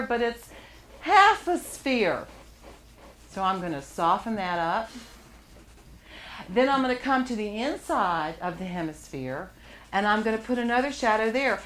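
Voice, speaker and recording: A woman's voice: mid-range voice, a bit bright. Woman art teacher walking a class thru charcoal drawing, upbeat, laughs a lot, faint room hum. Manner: encouraging, laughs often.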